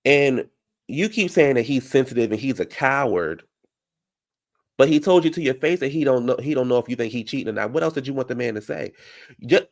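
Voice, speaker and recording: A man with a mid-range voice hosts a casual live reality-show recap, speaking a little fast with lively intonation. He rants heatedly, responds to viewer comments, and talks straight to the people on the show.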